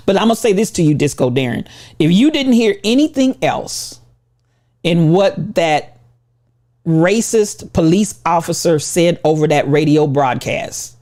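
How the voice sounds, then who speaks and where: A woman giving an impassioned motivational talk, preaching with repetition and rising to shouts. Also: on the low side, lively intonation, measured pace. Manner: preaching, repetitive, call-and-response. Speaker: motivational speaker.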